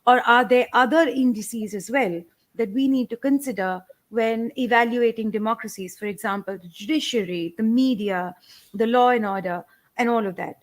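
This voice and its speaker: Female interviewer, slightly higher voice, measured questions. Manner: careful, listing questions.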